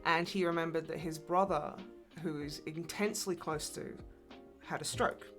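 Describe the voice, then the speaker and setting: Chatty swearing woman streamer, bright voice. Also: low voice, steady tone, moderate pace, soft background music. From Polish family. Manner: rambling, swears freely, laughs often. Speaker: livestream host. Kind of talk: casual livestream chat.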